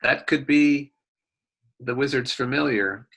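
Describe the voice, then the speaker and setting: Guy doing a careful adventurer, slow and bright, kinda musing. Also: mid-range voice, gravelly, pitched above the performer's own voice, full character voice. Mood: wary. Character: cautious adventurer musing about a snake.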